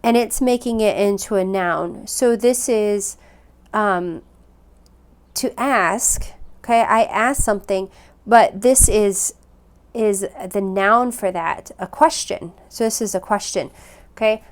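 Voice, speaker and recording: A woman teaching a recorded phonics lesson, her pitch sitting in an ordinary middle range. She talks patiently and repeats each word slowly so learners can follow along. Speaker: language teacher.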